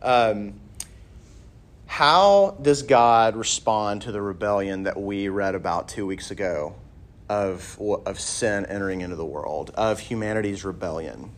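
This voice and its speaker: A campus minister in his thirties delivers a conversational sermon to students, full of lively storytelling and light humor. His voice sits lowish and moves a little slowly.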